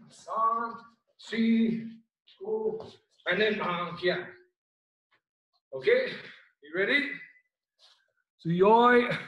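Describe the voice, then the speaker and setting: An Irish man leads a karate class over a video call, calling out techniques and counts in short brisk cues. His voice sits high and his pace is unhurried. He sounds far from the microphone in a strongly echoing room. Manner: calls out commands and counts, brisk shouted cues. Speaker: karate instructor. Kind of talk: online class instruction. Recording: very echoey room, voice far from mic.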